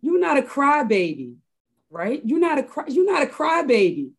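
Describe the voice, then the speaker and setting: A woman putting on the voice of her lively older mother, who chats and teases in a bright, raised, animated voice. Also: mid-range voice, slow pace. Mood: teasing.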